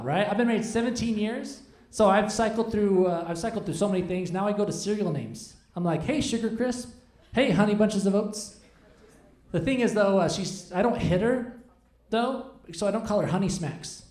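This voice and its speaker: High-voiced rambling stand-up comic. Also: male voice, animated, brisk, a little mellow. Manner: rambling, self-deprecating, chats with the audience. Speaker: stand-up comedian. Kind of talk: stand-up comedy set with crowd work. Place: comedy club stage. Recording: echoey live room.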